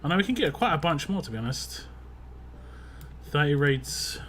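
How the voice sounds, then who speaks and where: A young man with a voice a bit rough after a drink, chatting casually and rambling while live-streaming a game and reading chat. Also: a little high, sing-song, very fast, fairly bright tone, slight background noise. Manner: rambling, chatty, laughs often, reads chat aloud.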